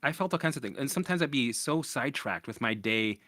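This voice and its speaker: Man, solo podcast host, casual rambling monologue, profane, bright forceful voice, dry close sound. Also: mid-range voice, expressive, fast, no echo. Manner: profane, rambling, keeps asking "right?". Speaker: podcast host answering listener questions.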